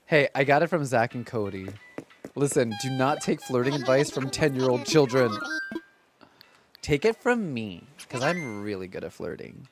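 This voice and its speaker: A man's voice: mid-range voice, animated, normal speed, music in the background. A man streaming a game live, chatting playfully and mocking himself with laughter. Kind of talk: casual live-stream chat.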